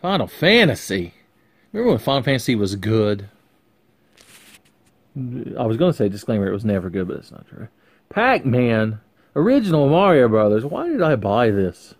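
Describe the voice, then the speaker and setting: A man's voice: medium pitch, big pitch swings, moderate pace, pauses often. A man casually vlogging from his bedroom while unboxing, sarcastic and profane, rambling to the camera balanced on his face.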